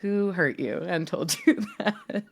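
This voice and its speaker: Chatty low-voiced woman co-hosting a podcast. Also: slow pace, creaky, a little hiss or hum. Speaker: podcast co-host. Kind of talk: casual chat.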